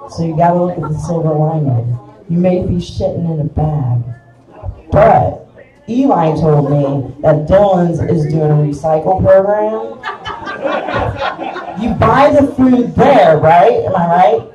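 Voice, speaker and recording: A woman's voice: fairly low pitch, expressive, takes it slowly, recorded from a distance, crowd noise. A middle-aged woman with a Kansas accent doing a crude, self-mocking live stand-up set in a small bar. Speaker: stand-up comedian. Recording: echoey room picked up from afar.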